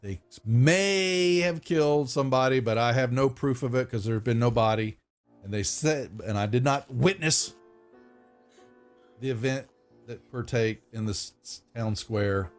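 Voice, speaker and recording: A man's voice: mid-range voice, measured pace, soft background music, close to an everyday voice. A man voicing a pompous, stubborn town master in a tabletop game, with blustery, officious talk. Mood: wheedling.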